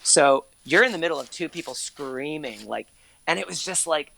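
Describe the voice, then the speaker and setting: A man's voice: fairly high pitch, expressive, normal speed, gravelly, pushed and bright, a little hiss or hum. A man in his thirties, a guest on an interview show, telling stories in a chatty, casual way with lots of "like" and easy swearing. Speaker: interview guest, actor and former court reporter. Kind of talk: casual conversational storytelling.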